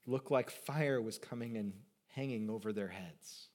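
Preaching to his congregation, this male pastor speaks at a moderate pace in a lowish voice. He's animated, shifting between loud emphasis and quiet conversational asides, and jokes with the crowd.

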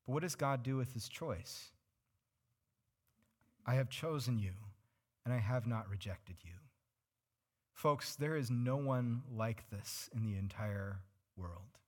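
A man's voice: medium pitch, expressive, slow pace, pauses often, darkish tone. A male pastor preaching a sermon, earnestly explaining scripture and putting questions to his congregation.

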